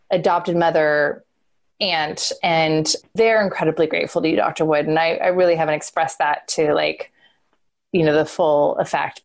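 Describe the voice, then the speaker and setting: A woman talking casually and earnestly on a podcast about her own experience, full of "like" and filler. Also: lowish voice. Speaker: guest, host's wife.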